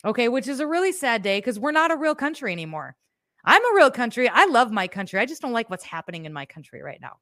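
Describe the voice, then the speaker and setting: A woman's voice: on the high side, animated, quick pace, hardly any pauses, fairly bright tone, no echo, studio quality. A woman hosting a podcast, giving blunt, profane, sarcastic political commentary in a casual way. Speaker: podcast host.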